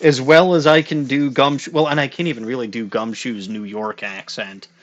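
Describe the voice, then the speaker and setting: A man's voice: medium pitch, highs cut off, slight background noise. A man hosting a let's play, reading game text and joking in casual commentary. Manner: animated, joking, quick exclamations.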